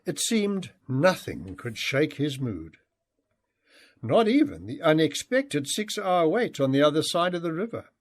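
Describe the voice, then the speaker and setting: A man narrating a memoir audiobook in an expressive storytelling manner. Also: medium pitch. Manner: expressive, acts out shouted and excited dialogue.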